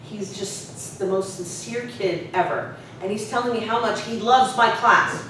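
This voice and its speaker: A woman's voice: measured pace, a bit bright. A woman who is a professor, telling a personal story in a conversational, reflective way. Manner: conversational, reflective, lots of "you know". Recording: very echoey room, distant mic, faint rumble.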